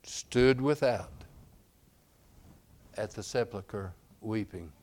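A man's voice: fairly low pitch, extremely slow. Emphatic preacher man. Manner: emphatic, swings from soft storytelling to loud exclamations. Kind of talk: sermon.

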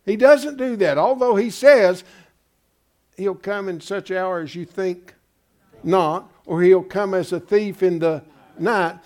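High-voiced, slow, folksy preacher. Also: male voice, darkish tone. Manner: folksy, emphatic preaching with rhetorical questions. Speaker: pastor. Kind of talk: sermon.

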